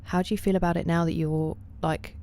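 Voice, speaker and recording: Low mellow-voiced woman chatting to stream viewers. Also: little pitch movement, brisk. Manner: reads viewers' names and answers chat comments, often dropping to a half-whisper. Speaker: livestreamer. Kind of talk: casual chat with viewers while gaming.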